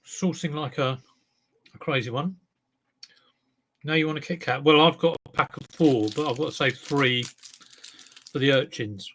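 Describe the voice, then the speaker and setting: A man's voice: a little high, moderate pace, pauses often, a bit bright. A man chatting casually on his live stream as a clothes reseller, self-mocking, humming along and talking while he eats. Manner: chatty, self-mocking, breaks into song and talks while eating.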